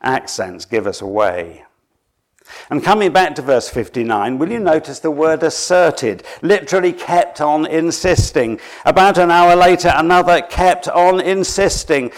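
Preacher guy from suffolk, tells the story all dramatic, goes quiet then builds up, voice on the higher side. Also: measured pace. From Suffolk, England. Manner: dramatic storytelling, drops to a hush then rises for emphasis. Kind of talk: sermon.

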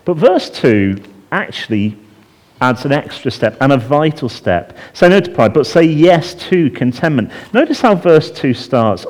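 A man preaching a sermon, animated, acting out a crying child in a high voice and dropping to a hush on calming words. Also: moderate pace. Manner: drops to a hushed voice on calming phrases.

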